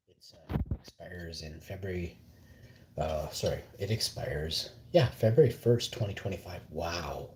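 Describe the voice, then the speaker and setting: A man's voice: low voice, moderate pace, roomy sound, background noise. A man from Canada, rambling drowsily on a casual live stream at home, trailing off into mumbles and half-whispers.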